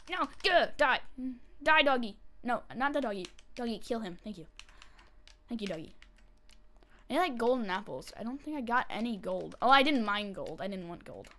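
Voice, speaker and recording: A woman giving casual commentary while she plays a game, chatty and excitable, breaking into panicky squeals and repeated pleas when things go wrong. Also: a little high, a little fast. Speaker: gameplay commentator.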